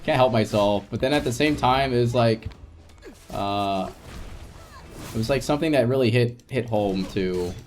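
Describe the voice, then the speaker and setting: Soft-spoken man rambling on a gaming stream. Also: mid-range voice, normal speed, faint music behind. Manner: rambling and soft-spoken, with frequent restarts and light laughs. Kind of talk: casual live-stream chat while gaming.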